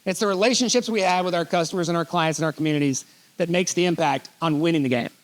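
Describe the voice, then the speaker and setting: Middle-aged guy doing a keynote on stage, high voice, animated storyteller, cracks jokes. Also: fast talker. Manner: animated, reads letters aloud, jokey asides. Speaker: keynote speaker. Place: conference hall stage.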